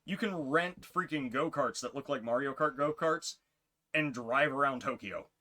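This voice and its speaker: A man co-hosting a casual podcast tells long, rambling stories, laughing often and jumping into high voices for quotes. He talks at a normal speed with a sharp tone.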